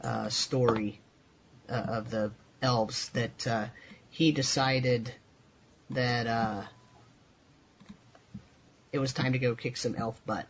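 A man narrating as game master in a tabletop game, halting with many fillers. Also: mid-range voice, fairly even intonation. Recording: dull lo-fi voice chat with faint hiss.

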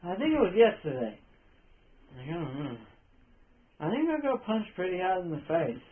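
A man's voice: high-pitched, sing-song, moderate pace, a little hiss or hum. A man voicing a battered, drunk mouse informant who rambles and loses his thread, over a tinny call line. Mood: rambling. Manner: rambling, trailing off, loses track mid-sentence.

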